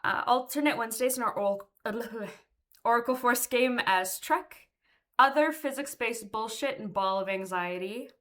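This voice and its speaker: A woman's voice: on the high side, unhurried, a bit bright. A woman producing a tabletop gaming stream, chatting in a bubbly way with laughter and the odd swear. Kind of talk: casual stream introduction.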